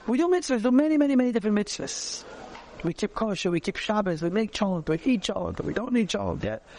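A man, teaching a conversational Torah class, animated and repeating phrases as he searches for words. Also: high-pitched, fast talker, creaky, slight background noise.

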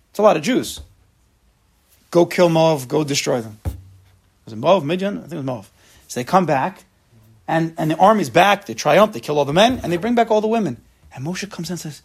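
A man's voice: a little high, vocal fry, breathy edge. A man teaching an informal religious class, talking straight to his listeners and acting out the people in his stories. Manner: lively, acts out quotes, talks to the class.

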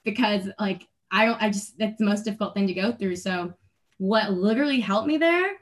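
A woman's voice: mid-range voice, brisk. Young adult woman, interview guest; earnest, rambling delivery, frequent restarts and light laughs. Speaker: athlete guest. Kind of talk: casual interview.

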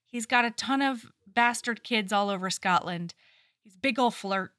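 A woman with a bright, somewhat high voice, chatting casually as a podcast co-host. She retells a story with animation, dropping into characters' lines as she goes. The sound is close and dry. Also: normal speed, dry recording. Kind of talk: casual book-club chat.

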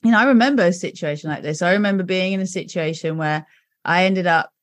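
A woman's voice: on the low side, quick pace, no echo. Chatty woman telling candid stories. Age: middle-aged. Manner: animated storytelling with many "right?" and "you know". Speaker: podcast host. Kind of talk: candid casual conversation.

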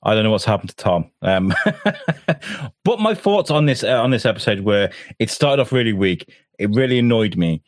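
Brief: male co-host, casual chat, lively pitch, dry close sound. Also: moderate pace, dry recording. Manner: animated, swearing, acts out scenes in loud high voices. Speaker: podcast co-host. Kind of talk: casual chat reviewing a TV episode.

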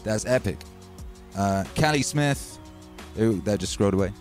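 A man hosting a livestream as a DJ chats loosely in a lowish voice with lively intonation at normal speed. He reads out viewer messages while music plays faintly in the background.

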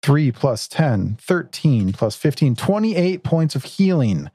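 A man playing a tabletop game, easygoing and quick to chuckle. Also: fairly high pitch, sing-song, dark tone, slightly rough, dry recording. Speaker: player. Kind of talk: casual tabletop game play.

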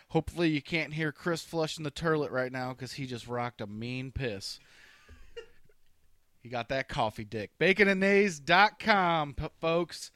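A man's voice: mid-range voice, no room sound. Podcast co-host, young man, rowdy and profane, dry close mic. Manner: crude, joking, loud bursts of laughter. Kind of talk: casual podcast banter.

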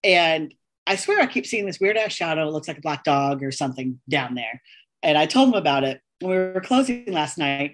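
A woman's voice: sits low, animated, brisk. A woman co-hosting a casual podcast chat, telling a story with laughter and frequent swearing. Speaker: podcast co-host.

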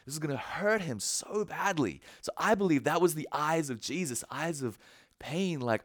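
A man's voice: on the high side, lively intonation, moderate pace, no echo, clean studio sound. A man preaching a casual sermon, retelling a story and acting out the characters' lines in a conversational way. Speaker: pastor.

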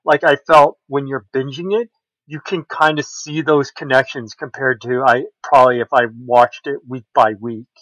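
A man co-hosting a casual podcast, talking in a relaxed, hesitant way with many fillers. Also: mid-range voice, normal speed, no echo, low-quality recording. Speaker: podcast co-host.

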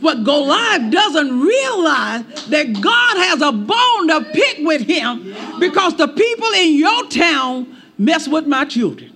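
High-pitched, animated preacher. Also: male voice, slow. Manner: animated, shouting at times, laughing asides; folksy storytelling. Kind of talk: sermon.

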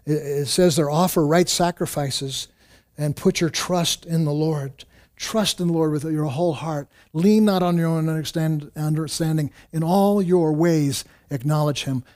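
A man preaching a sermon, earnest, often repeating words and restarting, rising in pitch and force when he urges. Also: measured pace, darkish tone. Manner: rises in pitch and volume when exhorting. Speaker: pastor.

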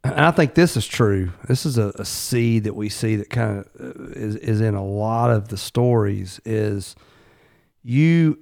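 A man's voice: lowish voice, a little slow, creaky, darkish tone. A man hosting an interview, stumbling a little as he sums up his guest's point. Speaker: host. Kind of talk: conversational interview.

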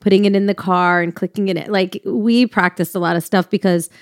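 A woman's voice: medium pitch, fairly even intonation, fairly quick, no room sound. Woman, podcast co-host, candid casual chat, frequent swearing, dead dry sound.

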